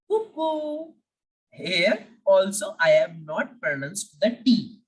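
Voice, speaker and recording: Woman, language teacher, lively rising and falling pitch, distant mic. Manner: patient, repeats each word slowly for learners. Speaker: French teacher. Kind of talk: beginner language lesson.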